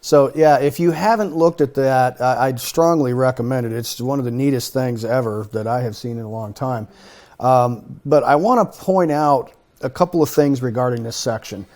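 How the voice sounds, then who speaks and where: A man's voice: medium pitch, normal speed, a little mellow. A man leading a conversational Torah study, talking earnestly and thinking aloud. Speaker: Bible study teacher.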